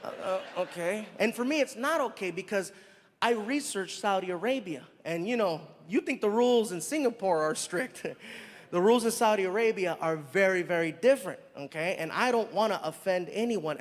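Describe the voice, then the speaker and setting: Male stand-up comic, high voice, animated storyteller, live in a reverberant hall. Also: fairly quick. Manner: animated, conversational, acts out scenes. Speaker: stand-up comedian.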